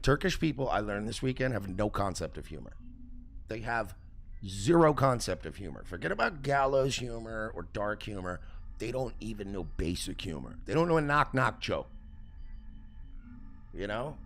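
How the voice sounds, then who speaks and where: Creaky, animated male stream host. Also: mid-range voice, normal speed, slight background noise. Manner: profane, animated storytelling. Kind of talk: casual livestream rant.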